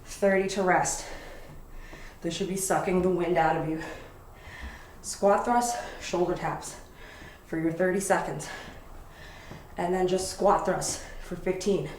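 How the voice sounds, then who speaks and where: A woman's voice: fairly low pitch, steady tone, unhurried, long pauses, a little mellow, far from the mic. A woman instructor calling out exercise cues while doing the workout herself, breathing hard as she moves. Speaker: fitness instructor. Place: home workout space. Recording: roomy, from off the mic, noisy.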